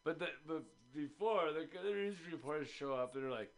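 A man in casual radio chat, telling a story in a loose, rambling way. His voice sits a little high, and he swears freely. He slips into quick voices for the characters he describes. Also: expressive. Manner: rambling, profane, acts out voices in his stories. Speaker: radio show guest.

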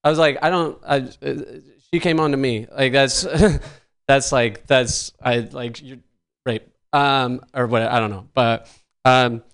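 A man's voice: mid-range voice, steady tone, measured pace, fairly bright tone, clean tone. A man doing a rambling, self-mocking stand-up set, filling his lines with likes and chuckles as he goes. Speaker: stand-up comedian.

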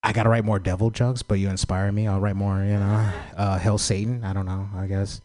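Male comic, lowish voice, halting and stammering, pleading for notes. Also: level tone, a little mellow. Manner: hesitant, stammering, pleading for feedback. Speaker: stand-up comedian. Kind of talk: post-set crowd banter.

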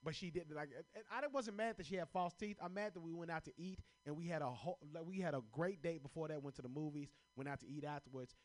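A young man from Chicago performs stand-up, riffing on prompts pulled from a hat. His delivery is loose and profane, full of animated storytelling, and he keeps laughing at his own jokes. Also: fairly high pitch, fast, hardly any pauses. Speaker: stand-up comedian.

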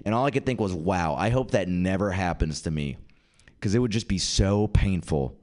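A man's voice: deep voice, moderate pace. A young man hosting a comedy night and doing a self-mocking stand-up set. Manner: lively, self-mocking, switches into mock voices for quoted people. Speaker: comedy show host and stand-up comic. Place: comedy venue with live audience.

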